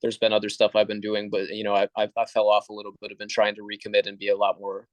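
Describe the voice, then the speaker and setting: A man's voice: fairly low pitch, completely flat delivery, fast, no echo. A man being coached on a video call, answering hesitantly with stammering restarts. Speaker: group member being coached. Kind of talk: casual conversation on a video call.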